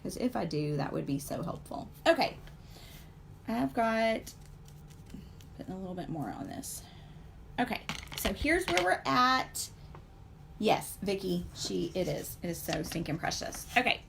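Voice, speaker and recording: A woman in her forties chats through a live painting stream, wandering from one aside to the next. Her mid-pitched voice has a gravelly, creaky edge. A faint hiss sits under the recording. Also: big pitch swings, measured pace, long pauses, a bit bright. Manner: chatty, rambling, full of fillers and asides to viewers. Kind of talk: casual live-stream chat while painting.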